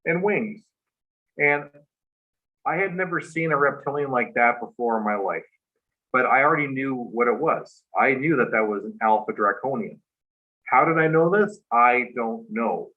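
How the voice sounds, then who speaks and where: A man's voice: mid-range voice, narrow, tinny audio. Earnest man telling a rambling story. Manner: earnest, rambling, heavy with "like" and "you know". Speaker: talk show guest.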